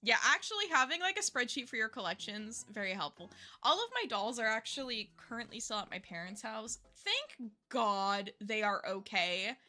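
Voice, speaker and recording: A woman's voice: fairly high pitch, expressive, moderate pace, bright, forceful tone. A woman streamer in casual chat who laughs often and swears casually.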